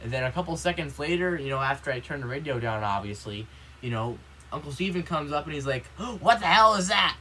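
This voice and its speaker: A man's voice: mid-range voice, fast talker, a bit bright, slight background noise, poor audio. A man vlogging in a casual, rambling monologue, indignant and complaining, filling every line with "you know" and "like".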